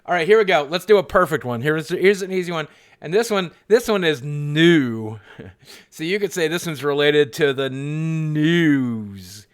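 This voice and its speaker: A man hosting a live stream, joking with his chat in a self-mocking way and softly coaxing his dog. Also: a little high, lively intonation, measured pace. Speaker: livestream host.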